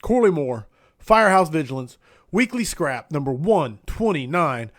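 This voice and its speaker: A man's voice: on the high side, very animated, normal speed, no echo, clean studio sound. Upbeat man hosting a podcast. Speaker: podcast host. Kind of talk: casual live-stream interview.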